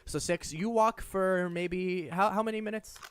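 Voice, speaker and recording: A man's voice: high-pitched, a little slow, clear, resonant tone, no room sound. A man running a tabletop game as game master, describing scenes in a chatty, casually profane way with many restarts.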